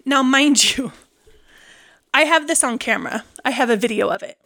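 A woman in her thirties, a podcast co-host and hairstylist, telling a story in casual chat with lively, laughing delivery. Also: high-pitched, moderate pace.

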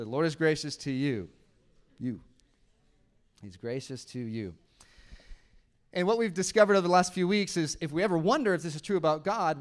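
A man in his thirties preaching a sermon to his church on a handheld mic, talking conversationally and joking with the congregation. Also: a little high. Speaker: pastor. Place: church auditorium. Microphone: handheld microphone.

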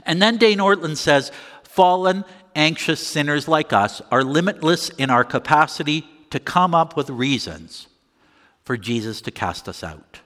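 A man delivers a sermon in slow, deliberate phrases with emphatic pauses. His bright voice swings widely in pitch. A long hall reverb trails his words. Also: lively intonation. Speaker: pastor.

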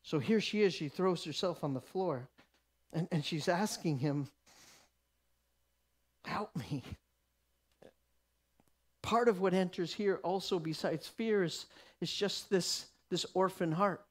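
Conversational preacher, rising and hushing. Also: male voice, sits high, normal speed. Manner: conversational and emphatic, drops to a hush, laughs. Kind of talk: sermon.

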